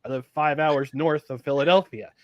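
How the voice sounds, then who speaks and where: A fairly high-pitched man from upstate New York, talking sports in a loose, animated way and often starting his sentences over. His voice is recorded close and dry, with no room sound at all. He sounds like one of the regular hosts of a sports chat show. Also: moderate pace, no room sound, lo-fi sound. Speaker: podcast co-host.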